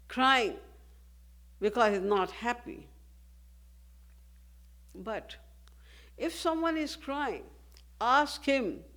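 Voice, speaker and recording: A woman spiritual teacher giving a devotional discourse, speaking in a measured way and posing rhetorical questions. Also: a little high.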